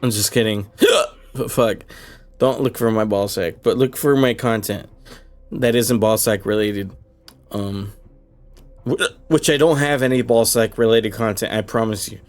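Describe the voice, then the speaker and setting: A drunk man hosting a casual stream sign-off, rambling, swearing and breaking into high laughter, hiccuping now and then. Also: fairly even intonation, unhurried, soft background music. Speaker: streamer and host.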